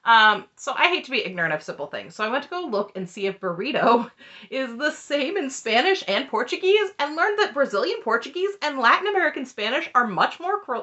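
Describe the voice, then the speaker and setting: A woman's voice: high voice, sharp tone. A woman hosting a casual, chatty recap with snarky asides. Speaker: recap host. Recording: muffled lo-fi audio.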